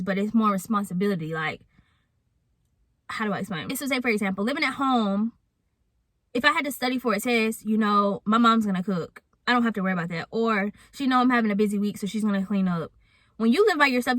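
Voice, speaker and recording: A young woman speaks in a chatty, open storytime vlog, talking right to her audience. Her voice sits at an ordinary middle pitch. The recording is close and dry, with no room sound around it. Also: brisk, a bit bright, dry recording. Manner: candid and chatty, addresses viewers directly. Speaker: vlogger.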